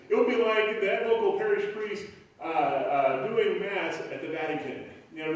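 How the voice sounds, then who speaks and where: Chatty pastor in echoey hall. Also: male voice, sits high, a little mellow. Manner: rambling, chatty, many fillers and restarts. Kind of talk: conversational sermon. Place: church sanctuary. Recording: very echoey hall, voice far from mic.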